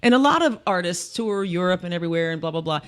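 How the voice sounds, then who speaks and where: A woman co-hosting a podcast, chatty and quick to chime in. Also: lowish voice, lively intonation. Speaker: podcast co-host. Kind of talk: casual chat.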